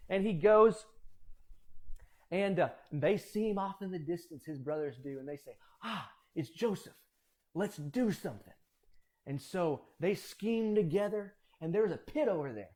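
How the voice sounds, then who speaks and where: A man casually telling Bible stories, animated and acting out voices. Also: high-pitched. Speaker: storyteller.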